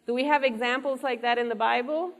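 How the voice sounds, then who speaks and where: A woman's voice: a little high, steady tone, quick pace. A woman preaching an interactive sermon, asking her listeners questions and repeating their answers back to them. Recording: long reverb of a large hall.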